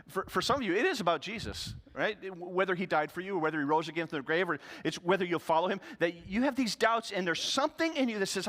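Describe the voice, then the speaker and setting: A man's voice: sits high, very animated, fast, fairly bright tone, in a large hall. A male pastor giving a sermon in an earnest, conversational way.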